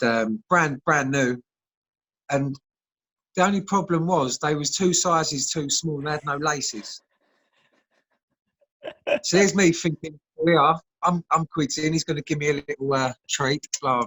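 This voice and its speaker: A man's voice: mid-range voice, fairly bright tone, low-quality recording. Chatty man on a video call. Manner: chatty storyteller, laughs often. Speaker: guest, former footballer. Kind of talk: casual chat.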